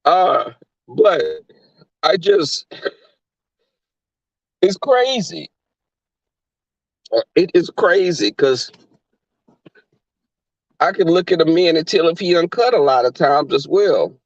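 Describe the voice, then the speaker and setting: Southern guy on a livestream, high voice, camp and cussing a lot, muffled lo-fi audio. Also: lively intonation, takes it slowly, pauses often, no echo. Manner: brash, profane, camp storytelling. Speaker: livestream host. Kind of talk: casual chat with live viewers.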